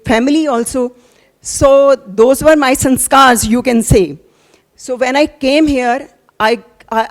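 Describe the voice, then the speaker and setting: Here a middle-aged woman with an Indian accent speaks to a gathering, her voice sitting a little high. She talks earnestly and haltingly, often restarting her sentences as she shares her story. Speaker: attendee sharing experience. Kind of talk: emotional testimony.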